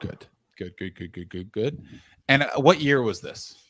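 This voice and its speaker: A man's voice: mid-range voice, lively intonation, normal speed, fairly bright tone, no echo. A man hosting a comedy podcast, playful and quizzing his guest in casual chat. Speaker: podcast host.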